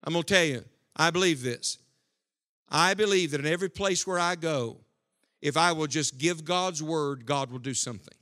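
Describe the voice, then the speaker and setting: A man preaching a sermon to a congregation, swinging between loud, forceful lines and hushed ones. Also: a little high, moderate pace. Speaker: evangelist. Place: church hall before a congregation.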